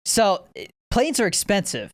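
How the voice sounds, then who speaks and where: Dude casually rambling thru a story, laughing a lot, dry close sound. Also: male voice, high voice, huge pitch swings, normal speed, dry recording. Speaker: podcast host. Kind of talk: casual chat.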